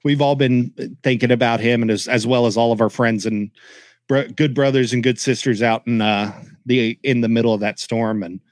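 A man's voice: medium pitch, steady tone, normal speed, dry recording. Joking male podcast host, dry mic. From Oklahoma. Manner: joking, chatty. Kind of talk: casual chat.

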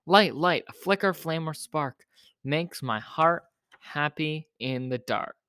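A man's voice: a little high, animated, slow pace, bright, forceful tone, smooth, no echo, clean studio sound, exaggerated voice. A man voicing the Ziz, a big, possessive young male bird who talks in a childlike, whiny way. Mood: delighted.

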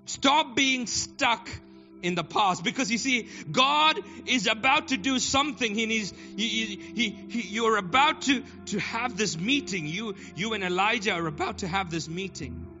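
Male preacher, high voice, fervent and repetitive, swells into shouts over live keys; muffled recording. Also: normal speed, few pauses. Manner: impassioned, repetitive, builds to shouted and sung declarations. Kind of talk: sermon. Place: church. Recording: dull lo-fi recording with keyboard music. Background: live keyboard playing.

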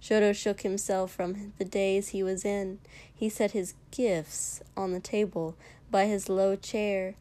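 Woman reading fanfic out loud, slow and even, mid voice. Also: medium pitch. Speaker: narrator. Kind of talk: fan fiction read-aloud.

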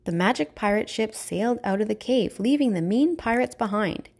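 A woman narrating a children's storybook aloud with clear, expressive reading. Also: on the high side, normal speed.

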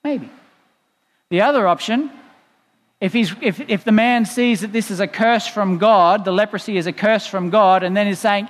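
High-voiced pastor preaching in a reverberant church. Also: male voice, lively intonation, normal speed. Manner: conversational, playful asides, explanatory. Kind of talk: sermon. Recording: long reverb in a church hall.

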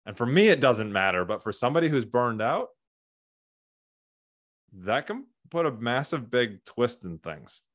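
A man, a burnout coach being interviewed, talking candidly and earnestly in quick animated bursts. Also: mid-range voice, no room sound, studio quality. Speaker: burnout coach, podcast guest. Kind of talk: candid conversational storytelling.

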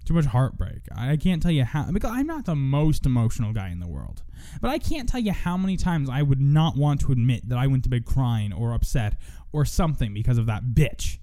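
With a mellow, medium-pitched voice, a young podcast host rants alone on mic. He swears a lot, rambles, and keeps cutting himself off to start over.

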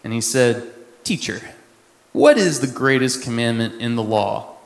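A man from Texas, a missionary, preaching a sermon in a conversational way with quick asides. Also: mid-range voice, animated, creaky. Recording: echoey hall with long reverb.

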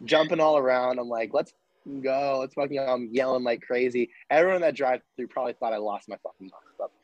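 A young man of middle pitch recounting his story as a podcast guest, animated and loose, peppering his talk with swearing and "like." The mic sound is dry and close. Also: quick pace, no room sound, dull audio. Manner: animated, swears freely, many restarts and "like"s. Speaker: podcast guest, former college football walk-on. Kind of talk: casual interview storytelling.

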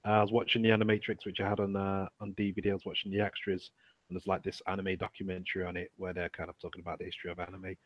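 Hesitant low-voiced man, dry muffled mic. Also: monotone, no room sound. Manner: halting, hesitant, many fillers. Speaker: podcast co-host. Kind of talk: casual chat.

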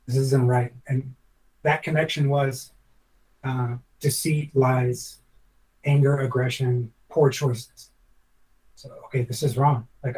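A man who used to be a chef tells a long personal story in a podcast interview, reflective and earnest, rambling and often restarting. His mid-range voice is mellow, he is far from the mic, and the recording is rough.

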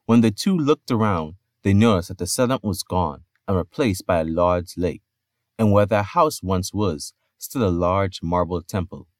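A man hosting a podcast, narrating myths with expressive storytelling and playful asides. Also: low-pitched, moderate pace, dry recording, studio quality.

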